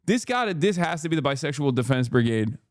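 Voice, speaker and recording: A man hosting a live stream, ranting and joking in a profane, animated, casual way. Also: a little high, fast, no echo, clean studio sound. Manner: joking, sarcastic. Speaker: livestream host. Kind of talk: casual livestream commentary.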